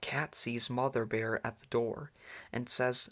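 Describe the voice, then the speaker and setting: A man reading a children's storybook aloud, slowly and carefully. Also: medium pitch, steady tone, fairly bright tone. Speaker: reader.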